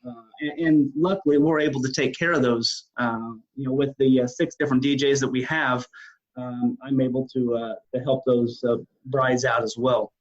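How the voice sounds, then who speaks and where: A man who owns a wedding DJ business, answering interview questions in a halting way, full of fillers and restarts. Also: medium pitch, steady tone. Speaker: wedding DJ business owner, guest. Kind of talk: casual interview talk. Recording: dull lo-fi sound.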